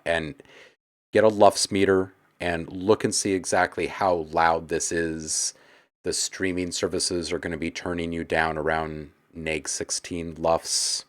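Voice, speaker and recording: A man with a low, deep voice hosts a live stream and critiques tracks in a loose, conversational way. He talks frankly and coaches the listener, dropping plenty of fillers as he goes. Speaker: livestream host giving music feedback.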